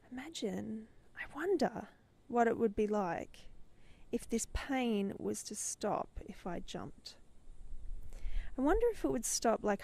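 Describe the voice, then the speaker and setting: A woman's voice: fairly high pitch, darkish tone. A middle-aged woman hosting a podcast, telling a personal story with growing intensity that swells at its peaks. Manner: intense, dramatic retelling, voice swelling. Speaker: podcast host and business mentor.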